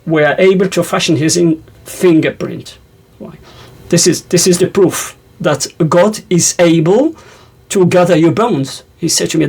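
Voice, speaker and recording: Older male religious teacher, gravelly tone, rambling and self-correcting. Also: a little high, a little mellow. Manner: rambling, self-correcting, many fillers, recites verses quickly. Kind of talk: explaining scripture to camera.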